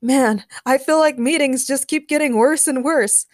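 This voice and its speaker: A woman's voice: high voice, normal speed, dry recording, studio quality, pitched above the performer's own voice, close to an everyday voice. A woman voicing a young male photographer who talks casually and scoffs. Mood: scoffing.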